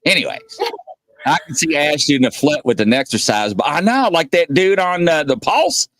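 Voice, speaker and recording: A man's voice: on the high side, lively intonation, fairly quick, fairly bright tone, no echo, studio quality. A man hosting a casual livestream, rambling and joking as he reads chat comments aloud and greets viewers. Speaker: host.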